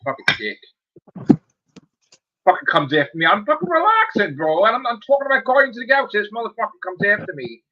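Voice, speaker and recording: A man with a high, wildly swinging voice rants heatedly on a podcast and swears constantly. The audio is dull and lo-fi, with a clear layer of noise underneath. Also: very animated, fast talker, long pauses. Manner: profane, heated, ranting. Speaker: podcast co-host. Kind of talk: casual podcast rant.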